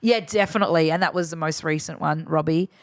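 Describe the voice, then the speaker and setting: Here a DJ guest, a woman in her 50s, talks in a relaxed interview with a low-pitched voice and a quick pace. She is blunt, curses without hesitation, and performs other people's words in character. The audio is clean studio sound with no room echo.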